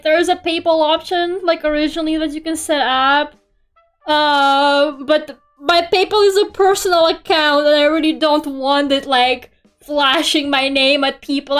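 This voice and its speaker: A young woman chatting casually on a stream while drawing. She grumbles, swears freely and giggles often. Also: sits high. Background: faint music.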